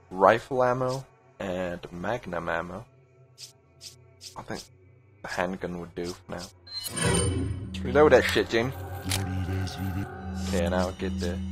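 A man playing through a video game and commenting casually, excitable, yelling at enemies and laughing. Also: low voice. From United Kingdom. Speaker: let's play gamer.

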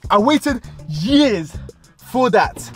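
A man's voice: drawn-out words, soft background music. A young man with a London accent, telling a funny personal story to camera and switching into voices for the people he quotes. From United Kingdom. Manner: animated, voices quoted people with big pitch jumps. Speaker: storytime vlogger. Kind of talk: comic storytelling.

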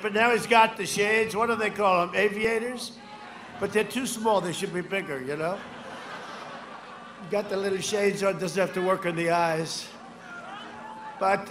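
Rambling older man at an echoey rally. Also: a little hiss or hum. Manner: rambling, repetitive, swings from loud shouts to low asides. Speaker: politician speaking at a rally. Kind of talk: rally speech. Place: large outdoor rally. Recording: echoey outdoor rally with crowd ambience.

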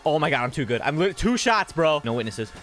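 Excitable gamer guy narrating his play, talks fast, kinda high. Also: faint music behind. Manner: joking, excitable, quick asides to viewers. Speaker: gaming streamer. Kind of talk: gameplay commentary with role-play.

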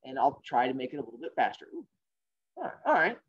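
A male teacher telling fables to an online class, jokey and animated, with sarcastic asides, in a dull lo-fi recording. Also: mid-range voice, fast. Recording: dull lo-fi sound.

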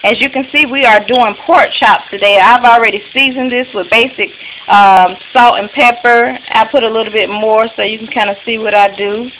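A woman with a fairly high voice talks through a home cooking demo in an easygoing, chatty way, often pausing on fillers. Frying and sizzling from the pan come through clearly on the noisy camera recording. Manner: relaxed, chatty, with many fillers. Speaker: cooking video host. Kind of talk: casual step-by-step cooking demo. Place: home kitchen.

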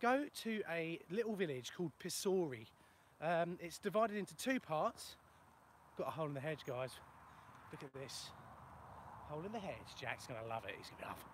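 Tradesman host, raised pitch, self-mocking, casual live-stream chat in the open countryside. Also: lively intonation, normal speed, a little hiss or hum. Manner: chatty, self-mocking, answers viewer questions. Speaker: plumber and video host. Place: outdoors in a ploughed field in the countryside. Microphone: phone for a live video.

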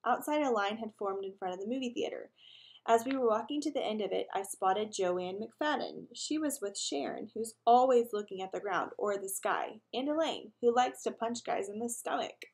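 A woman reading a children's novel aloud, lively, with asides to her listeners. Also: a little high, moderate pace. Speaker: reader.

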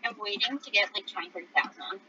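A woman's voice: mid-range voice, quick pace, heavy background noise. A female co-player chatting casually during a game and teasing her friend. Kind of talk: casual gameplay chat.

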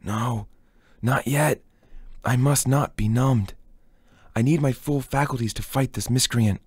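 A man's voice: medium pitch, unhurried, darkish tone, slightly rough, no echo. A man voicing an arrogant older male scythe with a pompous, indignant way of talking, in a fan audiobook reading. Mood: desperate. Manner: pompous, outraged protest.

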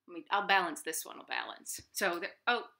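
A woman's voice: on the low side, fairly quick, sharp tone, a little hiss or hum. A woman hosting a library storytime from her home, reading a picture book aloud to children with gasps and playful sound effects.

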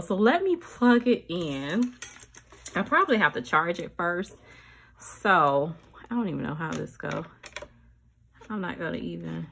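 Excitable woman unboxing, squealing. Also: slight background noise. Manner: excitable, chatty, addresses viewers as y'all; squeals up high when thrilled. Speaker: vlogger. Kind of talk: casual unboxing vlog.

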